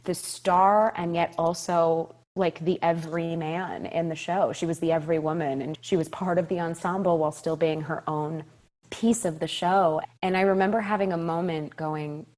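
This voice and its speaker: Animated young woman telling a story. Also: on the low side, normal speed. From California. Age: 20s. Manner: animated, emphatic, repeats phrases, laughs often. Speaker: Broadway actress, guest. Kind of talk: casual interview storytelling.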